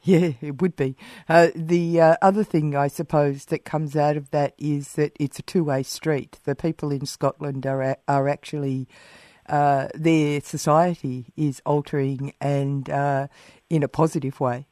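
Aussie radio interviewer, mid pitch, dry close sound, lots of uhs. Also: level tone, a little slow, darkish tone, dry recording. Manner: musing, with many fillers.

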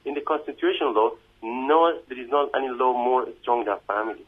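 A man whose first language is not English, speaking in a halting, emotional way on a phone interview, with many restarts and repeated "you know what I mean". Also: medium pitch. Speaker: immigration detainee giving an interview. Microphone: phone call. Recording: tinny phone line.

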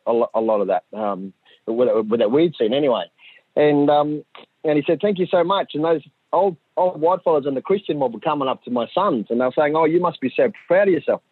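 A middle-aged man, telling a story in a lively way and acting out the voices of the people in it. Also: a little high, a little fast, slightly rough. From Central Australia. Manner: animated, acts out voices of his sons and others. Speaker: community storyteller. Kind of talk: conversational storytelling. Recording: dry tinny phone-like audio.

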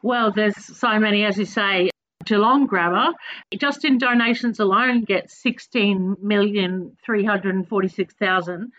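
A woman's voice: medium pitch, a little slow, a bit bright. Woman co-host, matter-of-fact, muffled sound. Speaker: radio co-host. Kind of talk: casual chat.

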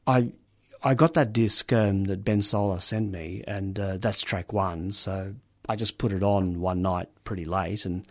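A man's voice: deep voice, steady tone, unhurried, dry recording. Hesitant male radio co-host, dry sound. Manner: hesitant, many ums and restarts, enthusiastic. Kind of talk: casual on-air chat.

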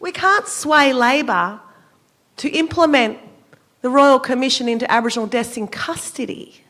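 An Australian woman, a senator, giving an impassioned political speech at a forum, measured and emphatic with a cutting, sarcastic edge. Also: high voice, a bit bright. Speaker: senator speaking at a public forum.

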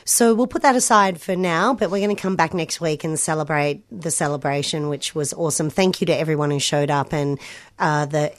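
Woman, radio co-host, casual chat, low voice, dry studio sound. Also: fairly quick, dry recording. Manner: upbeat, chatty, frequent backchannels.

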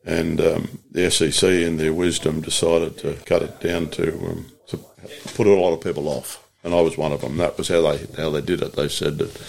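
Gravelly, deep-voiced Australian older man. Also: little pitch movement, moderate pace, few pauses. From Latrobe Valley, Australia. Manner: plain-spoken, rambling with self-corrections. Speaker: union organiser and guest. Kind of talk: reflective interview storytelling.

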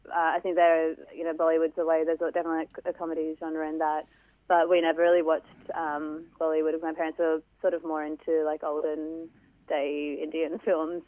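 A woman's voice: low-pitched, no room sound, narrow, tinny audio. A young woman comedian answering interview questions in a rambling, hesitant way. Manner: rambling, hesitant, many fillers.

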